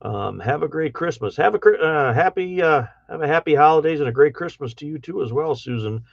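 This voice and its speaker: A man's voice: fairly high pitch, animated, fairly quick, creaky, no echo. A middle-aged man with an Upper Midwest accent, rambling folksy and casual while he reads out chat on a livestream, with plenty of ums and uhs. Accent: Upper Midwest, Michigan. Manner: rambling, folksy, many fillers. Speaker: livestream host reading chat. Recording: dull dry lo-fi sound.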